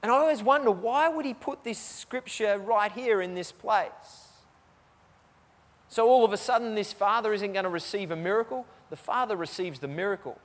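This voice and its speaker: High-voiced man preaching in a reverberant church. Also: moderate pace. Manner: preaching, repeats key phrases for emphasis. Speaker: pastor. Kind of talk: sermon.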